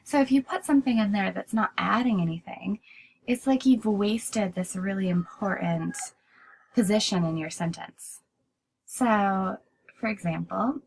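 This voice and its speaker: A woman's voice: medium pitch, measured pace, creaky, slight background noise, low-quality recording. A woman teaching a writing class in a recorded lecture, explaining steadily and often restarting with "so".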